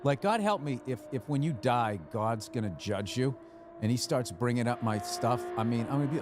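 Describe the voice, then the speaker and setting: A man's voice: medium pitch, a little fast, over music. A man in casual chat, telling rambling stories and swearing freely. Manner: profane, rambling, animated storytelling.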